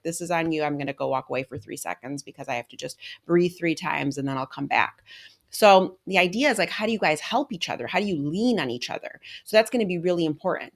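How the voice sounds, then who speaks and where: A woman's voice: fairly low pitch, fairly bright tone. A woman in her thirties hosting a solo podcast, speaking earnestly and directly to listeners as a coach. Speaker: podcast host. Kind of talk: solo podcast talk on parenting.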